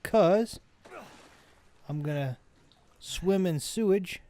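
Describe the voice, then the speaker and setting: Rambling, slightly high-voiced man gaming. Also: animated, very slow, warm tone. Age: adult parent. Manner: rambling, self-correcting, chatty. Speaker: let's play host. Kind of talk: casual gameplay commentary.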